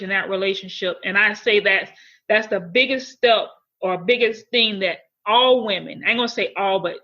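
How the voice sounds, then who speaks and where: A woman's voice: mid-range voice, pushed and bright, dull audio. A woman guest on a podcast telling a personal story candidly and earnestly, often repeating and restarting phrases.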